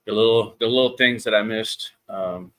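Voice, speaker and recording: Low, bright-toned laid-back man. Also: moderate pace. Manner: laid-back, hesitant, many ums. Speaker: podcast co-host. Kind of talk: casual chat. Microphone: podcast mic.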